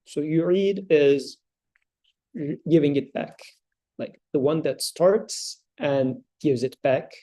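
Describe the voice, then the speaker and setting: A man leading a study circle, explaining scripture thoughtfully with halting pauses and fillers, and chanting verses in between. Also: fairly high pitch, mellow.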